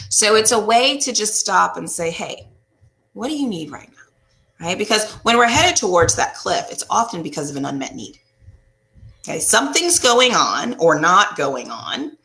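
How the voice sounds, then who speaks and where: A woman couples therapist explaining in a casual, animated way, often asking "right?" and acting out what people say. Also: fairly low pitch, gravelly. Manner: animated, acts out quotes, often asks "right?".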